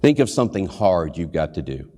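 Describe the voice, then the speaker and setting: A low-voiced man preaches a sermon, speaking earnestly and putting questions to his listeners. He briefly acts out the lines he quotes. His voice carries a long reverb from the church sanctuary. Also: big pitch swings, fairly quick, warm tone. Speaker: pastor and hospital chaplain.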